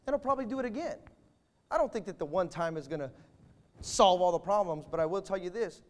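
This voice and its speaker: A man preaching a sermon to fathers, emphatic, with sudden swings between loud declarations and quiet asides. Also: high-pitched.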